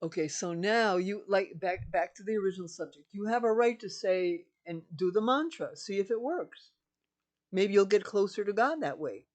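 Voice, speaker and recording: A woman's voice: medium pitch, lively intonation, moderate pace, darkish tone. An older woman, a spiritual teacher, giving an emphatic, repetitive teaching monologue.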